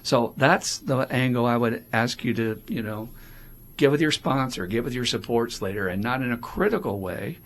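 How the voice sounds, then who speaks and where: A man with a gravelly, fry-edged voice co-hosts a casual recovery podcast. He talks openly and animatedly, slipping into quoted voices as he goes. Faint background noise sits under the recording. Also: mid-range voice, lively intonation, normal speed, a bit bright. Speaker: podcast co-host.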